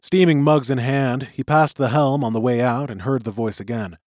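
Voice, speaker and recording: A man narrating a chapter of a novel in an expressive storytelling voice. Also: medium pitch, moderate pace, no room sound, studio quality. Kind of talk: audiobook narration.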